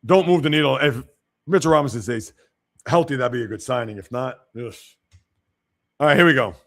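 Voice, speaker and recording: A man's voice: medium pitch, a little fast, creaky, a bit bright. A man hosting a casual sports livestream, giving blunt opinions and reacting to viewer comments. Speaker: sports show host.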